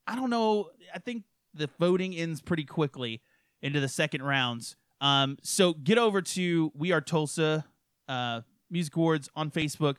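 A man's voice: fairly high pitch, moderate pace, fairly bright tone, clear, resonant tone, no echo, studio quality. A man co-hosting a podcast, ranting and swearing in crude casual chat, laughing often. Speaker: podcast co-host.

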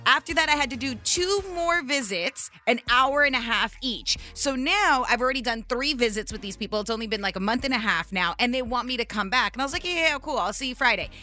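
A woman co-hosting a morning radio show, telling a story in an animated, emphatic way. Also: on the high side, a little fast, few pauses, soft background music. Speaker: radio co-host.

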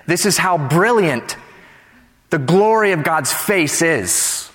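A man preaches with a fairly high voice, moving from light joking to hushed, earnest retellings of scripture. His voice carries a long echo, as if he is in a large sanctuary. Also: takes it slowly. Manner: animated, joking, then earnest and hushed when quoting scripture. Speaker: pastor. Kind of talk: sermon. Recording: reverberant hall.

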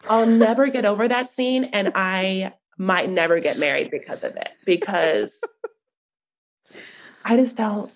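A young woman hosting a podcast, recapping a reality show in an animated, gossipy chat full of fillers. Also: medium pitch, measured pace. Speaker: podcast host.

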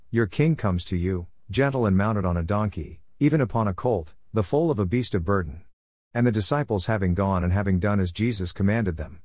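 Man, scripture reader, low voice, dry close sound, steady even delivery. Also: no room sound. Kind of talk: scripture reading.

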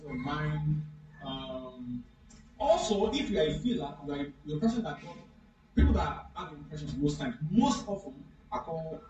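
A man's voice: on the high side, darkish tone. A pastor giving an interactive sermon, repeating his questions to the congregation over and over. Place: church hall. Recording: echoey, distant, dull room recording.

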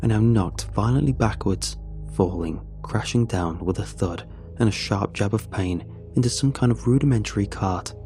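A man narrating a first-person horror story in a measured, dramatic way. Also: on the low side, dark tone, faint music behind.

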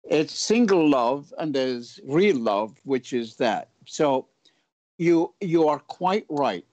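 A man being interviewed, halting and searching for words, with a wry humour. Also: a little high, animated, darkish tone, dry recording, highs cut off. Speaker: guest. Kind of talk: interview answers.

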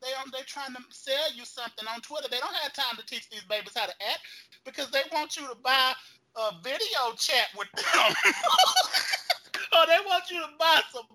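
A man co-hosting a casual chat show, campy and animated, slipping into mimicry as he rants. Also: extremely high pitch, fairly quick, slight background noise, rough recording. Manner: campy, animated, mimics people mid-rant. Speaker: podcast co-host.

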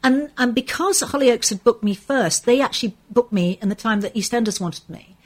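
A woman's voice: on the high side, moderate pace. An older English woman chatting as an interview guest. She talks in a rambling, storytelling way, full of ums and restarts. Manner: chatty, anecdotal, with frequent fillers and restarts. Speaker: soap actress guest. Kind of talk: casual interview chat.

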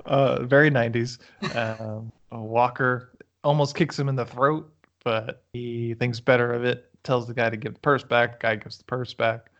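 A man in a loose, casual chat, recapping a film scene by scene. He jokes crudely and breaks into laughter often. His voice sits at an ordinary middle pitch. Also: steady tone, moderate pace, hardly any pauses, a bit bright, dull audio. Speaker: podcast co-host.

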